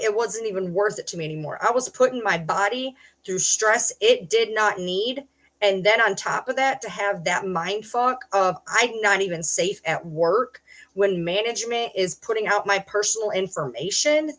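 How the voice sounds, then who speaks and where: A woman's voice: medium pitch, a bit bright. A middle-aged woman hosting a livestream, ranting in an agitated way, swearing and repeating herself. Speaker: livestream host. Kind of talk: livestream rant.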